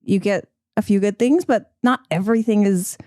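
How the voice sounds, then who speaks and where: A woman's voice: medium pitch, normal speed, dark tone, dry recording, clean studio sound. A woman guest on a beer podcast, chatting in a laid-back, opinionated way. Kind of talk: casual chat.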